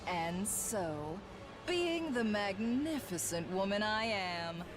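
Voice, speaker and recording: An actress voicing an arrogant, cruel villainess in a game, speaking in a grandiose, pompous manner. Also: female voice, mid-range voice, big pitch swings, slow, over music. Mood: gloating. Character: arrogant cruel villainess taunting enemies, adult woman. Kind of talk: game voice acting.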